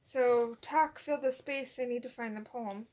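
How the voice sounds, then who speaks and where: A young woman co-hosting a casual podcast with her partner. Her voice sits a little high, and she rambles through her stories, acting out what people said along the way. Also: measured pace, a little mellow. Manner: rambling storyteller, acts out quotes. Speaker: podcast co-host.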